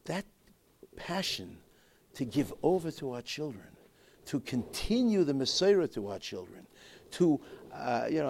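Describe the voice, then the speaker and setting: A man teaching a Torah class in a halting way, restarting his sentences often and mixing Hebrew and Yiddish terms into his English. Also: mid-range voice, darkish tone, a little hiss or hum. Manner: halting, with many repeated restarts. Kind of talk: Torah lecture.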